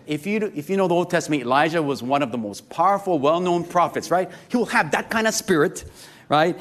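A man preaching a sermon to a congregation, lively and joking, often asking the crowd questions. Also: a little high, fairly quick. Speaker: pastor.

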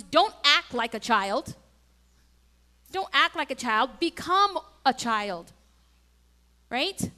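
A middle-aged woman delivers a sermon in a high, bright voice. She talks to the congregation in a relaxed, conversational way and often builds to fervent, emphatic exhortation. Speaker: preacher.

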